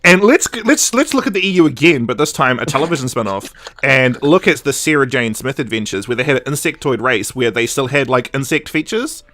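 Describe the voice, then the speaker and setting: A man co-hosting a podcast in casual chat, sarcastic and jokey, recapping scenes with quick put-on voices. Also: medium pitch, lively intonation, a bit bright, no echo. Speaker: podcast co-host.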